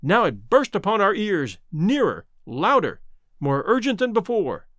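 A man narrating a classic novel as an audiobook in a dramatic, expressive way. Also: high-pitched, unhurried, no echo, studio quality.

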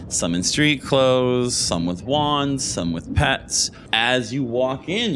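A man's voice: medium pitch, background noise. A man narrating as game master in a casual tabletop role-play, with frequent restarts. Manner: casual, halting, many restarts.

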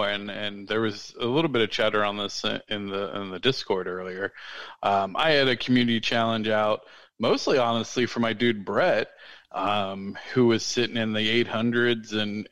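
A man's voice: fairly low pitch, normal speed, dry recording. Laid-back man chatting on a podcast. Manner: relaxed, rambling with frequent fillers and restarts. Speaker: podcast co-host. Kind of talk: casual podcast chat.

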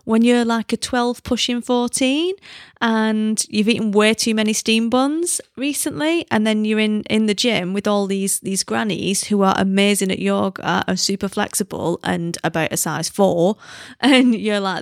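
Chatty woman with a gravelly voice. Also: medium pitch, moderate pace, dry recording, clean studio sound. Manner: chatty, giddy, rambling tangents. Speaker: podcast host. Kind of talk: casual chat.

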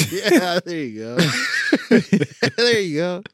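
A man's voice: sits high, slow pace, no echo, clean studio sound. A man co-hosting a casual podcast, telling stories with lots of laughter and swearing. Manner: animated, laughing storyteller who swears a lot. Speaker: podcast co-host. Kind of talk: casual chat, storytelling.

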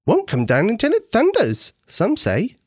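Man putting on a brisk protective mum, hollering, high lively voice, dry sound. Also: no room sound, full character voice. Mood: calling out. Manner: hollering across a yard. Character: brisk protective neighbour mother.

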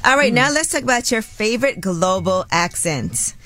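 A woman with a New York accent hosting a radio show, reading news items in a relaxed, chatty way and laughing often. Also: on the high side, moderate pace. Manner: upbeat, laughs often, reads stories conversationally. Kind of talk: casual radio chat and news segments.

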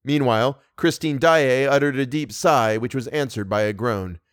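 A man reads a classic novel aloud in a steady, measured way, his voice in the middle range for a man. The recording is dry and close, with no room around it. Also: medium pitch, no room sound. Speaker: audiobook narrator. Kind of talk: scripted narration.

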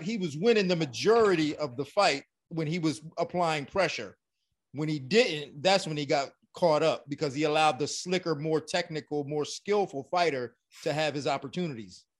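A man in a casual chat, giving emphatic fight analysis. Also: fairly high pitch.

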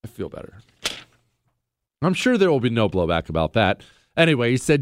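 A man's voice: medium pitch, very animated, a little fast, pauses often, dry recording. A man hosting a talk radio show, speaking in a sarcastic, joking monologue and bantering with his producer at a studio microphone.

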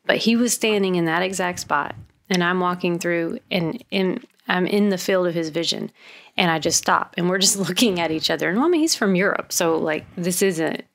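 Low, gravelly Southern woman. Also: moderate pace. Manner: frank, laughing often. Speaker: podcast co-host. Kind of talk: casual chat.

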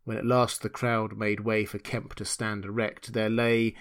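A man reading a classic novel aloud in measured, dramatic storytelling narration. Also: fairly low pitch, little pitch movement, fairly bright tone. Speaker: audiobook reader.

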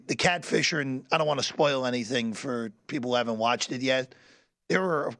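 A man co-hosting a casual sports chat, speaking haltingly and repeating words while he gathers his thoughts. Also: medium pitch, fairly bright tone, no echo, studio quality. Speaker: podcast co-host.

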